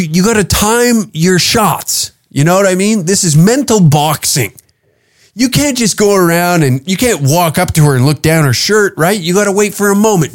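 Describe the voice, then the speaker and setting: A man hosting a podcast, talking in a crude, rambling comedic monologue full of swearing. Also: high-pitched. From Canada. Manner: profane, rambling, brash. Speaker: podcast host. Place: podcast studio.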